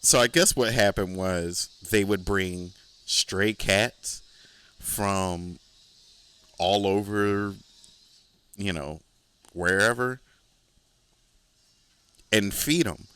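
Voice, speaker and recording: A man's voice: lowish voice, drawn-out words, pauses often, a bit bright, clear, resonant tone. A man hosting a podcast, telling a rambling, profane story in a casual, laid-back way. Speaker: podcast host.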